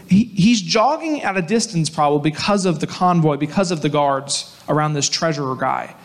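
A man with a fairly high voice gives a sermon. He tells the story in a loose, conversational, animated way and talks straight to his listeners. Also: a little fast, hardly any pauses. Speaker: pastor.

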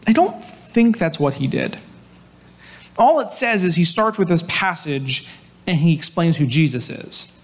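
A man preaching a sermon in a conversational, animated storytelling way, with asides to his listeners. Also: sits high, a little slow. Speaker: pastor.

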